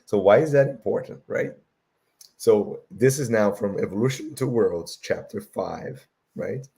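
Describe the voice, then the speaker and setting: A man giving a lecture with slides, tagging "right?" onto almost every phrase, with a voice that is going and frequent throat-clearing. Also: lowish voice, unhurried, mellow. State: losing his voice, clears throat often.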